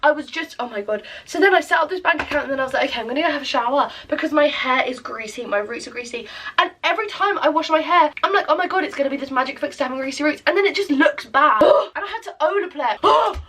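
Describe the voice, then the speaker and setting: High-voiced woman, sweary rambling vlog. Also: expressive, fast talker, a bit bright, distant mic, a little hiss or hum. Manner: self-deprecating, sweary, rambling storytelling. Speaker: vlogger. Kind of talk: casual day-in-my-life vlog chat. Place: at home, indoors.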